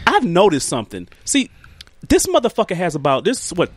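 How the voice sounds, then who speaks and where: A man with a high voice that leaps all over the place, telling stories in a relaxed podcast chat. He talks in an animated, profane way and laughs through his tales. The sound is close and dry. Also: a little fast, dry recording. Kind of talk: casual podcast storytelling.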